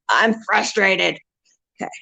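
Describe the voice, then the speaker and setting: A woman's voice: mid-range voice, vocal fry, fairly bright tone, breathy edge, dry recording, low-quality recording. A woman hosting a pet channel, chatting casually on a live stream and cooing to her small pets between remarks.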